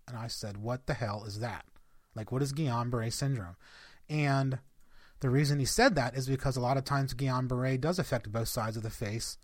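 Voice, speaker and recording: A man's voice: medium pitch, no echo. Podcast guy telling his own story, chatty, lots of ums and you knows, dry close sound. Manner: conversational, addresses listeners as guys, many fillers. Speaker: podcast host. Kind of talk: personal story told to listeners.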